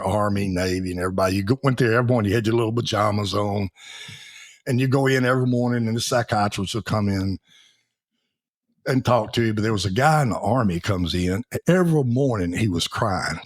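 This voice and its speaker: A man's voice: fairly low pitch, husky. A man, a Navy veteran guest telling folksy stories in a podcast interview and laughing as he acts out the people in them. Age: 70s.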